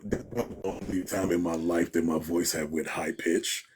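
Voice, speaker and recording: A husky, low-sitting male voice at a moderate pace belongs to an interview guest relaxedly telling a story. Lively in his delivery, he mimics other people's words and breaks into laughter frequently.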